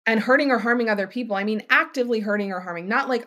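A woman's voice: a little high, fast talker, hardly any pauses. Chatty woman podcaster. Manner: conversational, animated, often asks "right?". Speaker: podcast host. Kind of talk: casual solo podcast talk.

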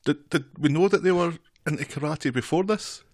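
A man's voice: a little high, brisk, no echo, studio quality. A man co-hosting a casual chat, asking wry, teasing questions about a cartoon. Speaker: podcast co-host.

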